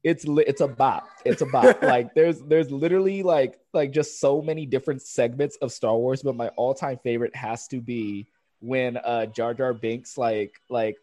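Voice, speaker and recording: A young man co-hosting a casual chat, laughing often and acting out scenes in silly high voices. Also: steady tone, normal speed, dark tone, no echo. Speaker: podcast co-host.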